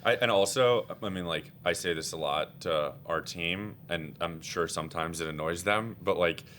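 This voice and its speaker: Podcast guest dude, really low voice, rambly and upbeat, says "like" a ton, faint rumble. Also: male voice, moderate pace. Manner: energetic, rambling, filler-heavy. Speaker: guest, executive director. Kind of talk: casual interview chat.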